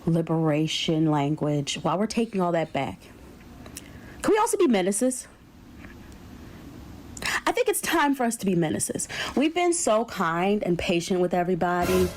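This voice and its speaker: A woman's voice: on the low side, sing-song, normal speed, pauses often, darkish tone, slight background noise. A woman giving a rousing, emphatic monologue to rally listeners.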